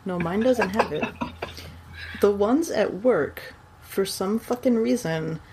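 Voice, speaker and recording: A woman's voice: mid-range voice, takes it slowly, background noise. A woman from Texas chatting casually over a remote call, laughing easily. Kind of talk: casual chat.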